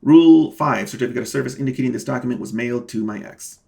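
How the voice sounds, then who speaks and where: Rapid-fire and flat in delivery, a man with a gravelly, darkish mid-range voice runs through his own court filings on his vlog. He's casual but indignant and emphatic, repeating key words and calling his viewers "guys," as a self-represented litigant and channel host.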